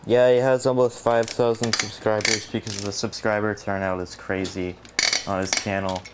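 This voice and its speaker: Low-voiced teasing man, noisy room. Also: flat delivery, moderate pace. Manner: teasing, dry remarks. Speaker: friend helping with the build.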